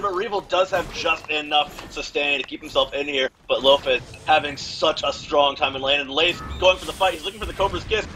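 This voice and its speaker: A male esports commentator calls the action in quick bursts. His voice is bright and forceful, and he talks at a fast clip. Faint noise sits under the line. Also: mid-range voice. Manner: rapid, energetic play-by-play calling. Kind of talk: play-by-play game commentary.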